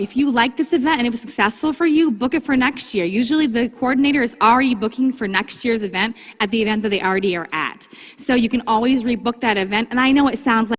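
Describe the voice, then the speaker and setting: A woman giving a casual, upbeat training talk to her sales team, breaking into livelier, higher tones when she acts out chats with customers. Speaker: direct sales consultant giving vendor training. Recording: long hall reverb.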